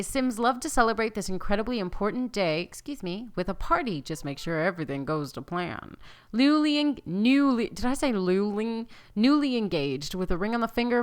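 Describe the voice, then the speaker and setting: A woman's voice: lowish voice, fairly bright tone. A young woman casually commenting on her own gameplay, chatting to her sims, reading the game text aloud and laughing often. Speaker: let's play host.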